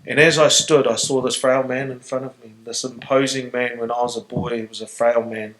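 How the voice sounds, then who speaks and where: A middle-aged New Zealand man with a mid-range voice speaks as a guest in a live stage Q&A before an audience. His delivery is flat, brisk and a bit bright, yet he comes across as earnest, reflective and emotionally open. The audio is poor, with slight background noise.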